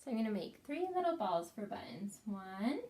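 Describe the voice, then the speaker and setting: A woman teaching a preschool craft lesson, speaking slowly, gently and encouragingly to young children as they follow along. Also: mid-range voice, big pitch swings.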